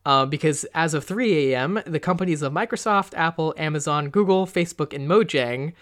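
Smooth-voiced young man, halting chat. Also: on the high side, fairly bright tone. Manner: hesitant, many fillers and restarts. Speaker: podcast co-host. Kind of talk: casual podcast chat.

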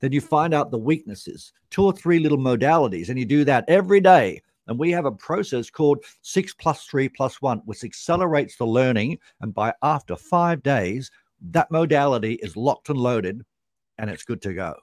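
Emphatic sales trainer, dry sound. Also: male voice, mid-range voice, expressive, normal speed, a little mellow, no room sound. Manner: punchy, repeats key points for emphasis. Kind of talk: emphatic coaching explanation.

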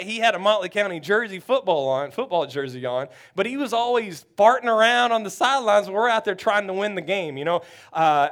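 A pastor from Texas telling a story in a sermon, animated and acting out the people in it. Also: male voice, sits high. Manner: animated storytelling, acts out quotes.

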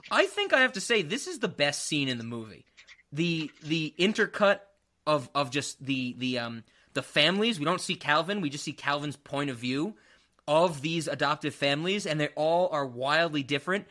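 A man hosting a casual movie podcast, animated, laughing and swearing freely. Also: on the high side, moderate pace. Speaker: podcast host. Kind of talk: casual movie review chat.

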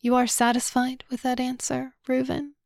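A woman reading the part of a weary, ailing father who asks quiet, somber questions with a bitter edge. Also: sits high, monotone, normal speed, vocal fry, dry recording, studio quality.

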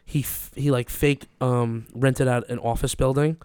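Smooth-voiced young man rambling casually. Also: mid-range voice, fairly even intonation, measured pace, a little mellow, no room sound, studio quality. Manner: rambling, swears a lot, many fillers. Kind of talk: casual chat.

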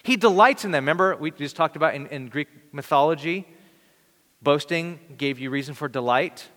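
A man preaching a sermon in an earnest, conversational way, with dramatic pauses. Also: fairly high pitch, a bit bright. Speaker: pastor. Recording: long reverb of a large hall.

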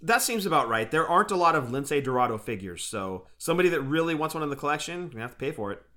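A man co-hosting a casual podcast chat, jokey and quick to laugh. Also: on the high side, very animated, sharp tone. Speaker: co-host.

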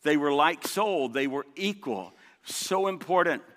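A man's voice: fairly high pitch, expressive, a little slow, fairly bright tone. A man preaching a sermon as pastor, emphatic, repeating key points and calling on the congregation for responses. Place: large church sanctuary. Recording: long reverb of a big hall.

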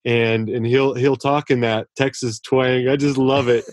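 A man being interviewed as a writer, talking earnestly and warmly about his mentors, often restarting his sentences. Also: medium pitch, steady tone, a little slow, no echo. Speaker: author guest. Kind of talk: casual interview talk.

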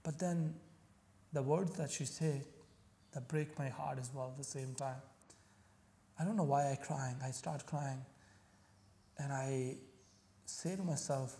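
A man from Pakistan, telling his personal faith story as an interview guest in earnest, halting English. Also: mid-range voice, fairly even intonation, dark tone, in a large hall. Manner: earnest, halting non-native English with restarts. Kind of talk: personal faith testimony in conversation.

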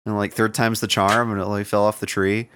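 A man on a casual podcast, telling a story slowly and hesitantly. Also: fairly low pitch, level tone, a bit bright, slight background noise. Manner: slow, hesitant telling with fillers. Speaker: podcast co-host.

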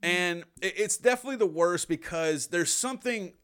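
A man's voice: high-pitched, normal speed, fairly bright tone, clear, resonant tone. Profane man rambling on a podcast. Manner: profane, rambling, frequent restarts. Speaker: podcast co-host. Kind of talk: casual chat.

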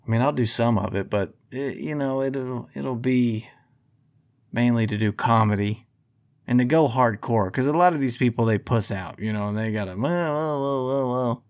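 A man's voice: medium pitch, moderate pace. A man hosting a podcast, ranting in a profane, combative monologue. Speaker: podcast host.

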